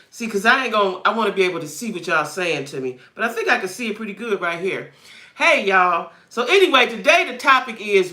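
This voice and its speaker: Chatty woman livestream host, bright tone. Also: medium pitch. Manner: chatty, talks straight to viewers and greets them by name; thinks aloud while fumbling with stream settings. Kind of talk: casual livestream chat.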